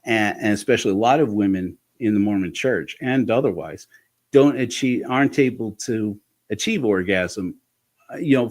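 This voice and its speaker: A man as an interview guest, telling personal stories in a frank, animated way with frequent restarts. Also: lowish voice. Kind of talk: candid conversational storytelling.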